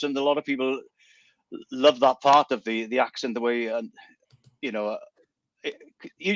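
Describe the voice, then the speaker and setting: A man's voice: medium pitch, no room sound. A man with a West Welsh accent, a guest comedian chatting casually on a radio show, often restarting and repeating words. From South West Wales. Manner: halting, many restarts and repeats. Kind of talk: casual chat. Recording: dry, dull lo-fi sound.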